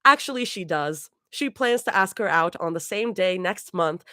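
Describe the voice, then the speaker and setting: A woman's voice: fairly low pitch, lively intonation, moderate pace, pushed and bright, no room sound, studio quality. A woman casually reading fan fiction aloud on a live stream. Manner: casual reading aloud, laughs between lines.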